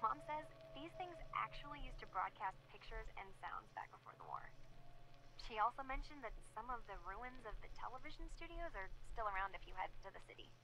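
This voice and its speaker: A woman's voice: a little high, expressive, a little fast, rough recording. A woman voicing a curious, restless young tinkerer who muses aloud while recording logs in a video game. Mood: musing. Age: young adult. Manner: musing, self-talk in recorded logs. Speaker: game character.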